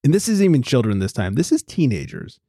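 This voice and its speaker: An American man co-hosting a casual podcast, with a lively voice that rises and falls a lot. He swears freely and laughs often. The recording is dry and close. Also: mid-range voice, quick pace, husky, no echo. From United States. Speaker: podcast co-host. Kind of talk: casual chat.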